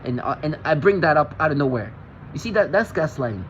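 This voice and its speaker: A man's voice: a little high, animated, fairly quick, muffled recording, slight background noise. A man vlogging in an agitated, intense monologue, often restarting and repeating himself. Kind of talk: rambling monologue to camera.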